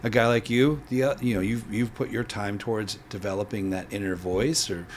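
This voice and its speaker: A man's voice: lowish voice, steady tone, a little fast, slight background noise. A man hosting an interview, an artist speaking in a reflective, agreeable way. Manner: agreeable, reflective, listens with short affirmations. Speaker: podcast host, artist. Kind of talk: casual interview chat.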